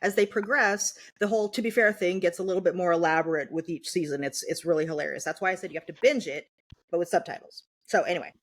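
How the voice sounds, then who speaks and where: A woman's voice: fairly low pitch, quick pace. A woman co-hosting a podcast, chatting with enthusiasm and cheerful profanity. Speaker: podcast co-host. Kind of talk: casual chat.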